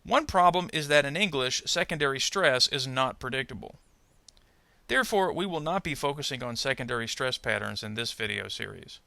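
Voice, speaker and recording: Guy teaching english pronunciation, gravelly but bright voice, calm step by step explaining. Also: medium pitch, no room sound. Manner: measured, explanatory, careful. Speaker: adult ESL pronunciation teacher. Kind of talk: instructional narration.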